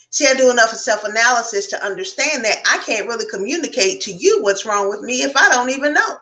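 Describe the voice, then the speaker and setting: A woman's voice: a little high, lively intonation, fast talker, few pauses, sharp tone, low-quality recording. A woman speaking as a guest on a casual round-table chat, frank and reflective, talking at length.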